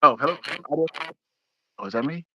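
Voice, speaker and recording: A man hosting a casual podcast chat, talking fast and excitedly, often repeating words as he restarts. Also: a little high, dull audio, slight background noise. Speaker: podcast host.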